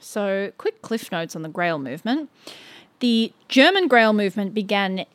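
Woman, podcast co-host, casual storytelling, mid pitch, filler-heavy, chatty. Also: sing-song, moderate pace. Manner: stumbles over names and asides.

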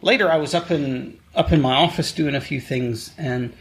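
A middle-aged man co-hosting a podcast, telling stories in a wry, deadpan way with bursts of laughter. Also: mid-range voice, moderate pace, breathy edge. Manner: wry, deadpan storyteller who breaks into laughter. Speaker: podcast co-host. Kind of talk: casual storytelling chat.

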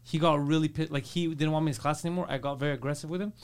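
A man talks quickly in a slightly high voice, telling loud, brash stories and cursing freely. He sounds like a podcast co-host in a relaxed chat. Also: clear, resonant tone. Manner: brash, animated, swears freely. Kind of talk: casual storytelling chat.

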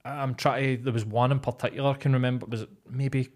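A man's voice: medium pitch, fairly even intonation, fast talker. Rambling Scottish man in podcast chat. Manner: rambling, sweary and offhand. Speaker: podcast co-host. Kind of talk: casual comedy podcast chat.

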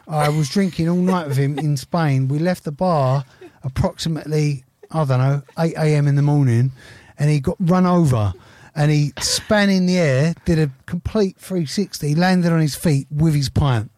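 A man's voice: a little high, moderate pace, hardly any pauses, darkish tone, no echo, studio quality. A man co-hosting a podcast, teasing his guests with sweary banter in casual comedy chat. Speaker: podcast co-host.

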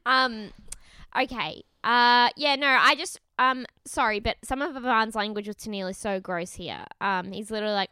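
A woman's voice: on the high side, steady tone, normal speed, sharp tone, clear, resonant tone, no echo. A woman co-hosting a podcast, chatting casually and giggling while she acts out quotes from a reality show. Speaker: podcast co-host.

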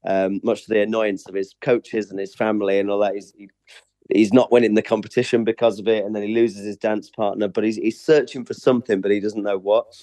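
A man's voice: on the low side, flat delivery, fairly quick, mellow, dry recording. A man from England, a stage performer being interviewed, chatting casually and laughing easily.

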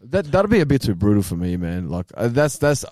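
Lively man, blunt and sweary. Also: mid-range voice, brisk, dry recording, studio quality. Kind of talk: casual podcast chat.

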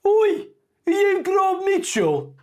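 A flustered, chatty woman expat calls out in a squeaky, shouted voice, as a man puts her on. She stumbles over her words and yells as if from across a street. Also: wildly swooping pitch, slow, exaggerated voice. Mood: excited. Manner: high, shouted, stammering calls. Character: cheery middle-aged English woman expat, flustered and chatty.

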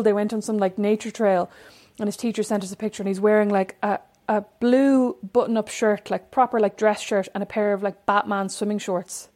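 A woman's voice: medium pitch, darkish tone. A middle-aged woman co-hosting a casual chat, chatty and playfully indignant. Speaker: podcast co-host.

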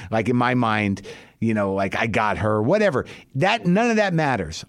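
A man's voice: medium pitch, no room sound, clean studio sound. A man hosting a podcast, telling a long personal story in a candid, rambling, profane and wry way. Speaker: podcast host. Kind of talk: comic storytelling monologue.

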